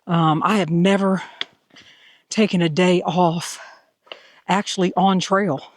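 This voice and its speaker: A woman's voice: fairly low pitch, steady tone, slow pace, no room sound, studio quality. Woman hiker talking to her phone on the trail, super upbeat, keeps saying fantastic, y'all. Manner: enthusiastic, folksy, repeats "fantastic"; chatty, addresses viewers as y'all. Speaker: hiker vlogging a long-distance trail. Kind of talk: casual trail vlog to camera. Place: outdoors on a mountain trail.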